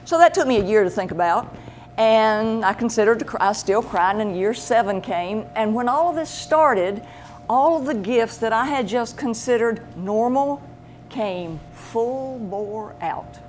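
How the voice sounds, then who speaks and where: A woman's voice: a little high, unhurried, slight background noise. A woman telling a personal story in a casual way, acting out the voices of the people she quotes. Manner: animated, acts out quoted voices. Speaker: pet medium, show host.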